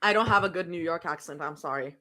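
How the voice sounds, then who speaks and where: A woman's voice: lowish voice, quick pace, bright, forceful tone. A young woman streaming from home, chatting casually and rambling between snacks during a live reading. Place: home room.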